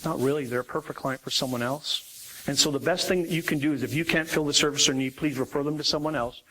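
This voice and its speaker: A middle-aged man giving a live motivational talk on sales to an audience, animated and full of questions to the room. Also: a little high, fast, a little hiss or hum, poor audio.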